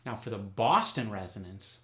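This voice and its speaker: A man hosting an accent tutorial as a dialect coach, speaking clearly and deliberately as he announces each topic. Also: lowish voice, animated, fairly bright tone, echoey room.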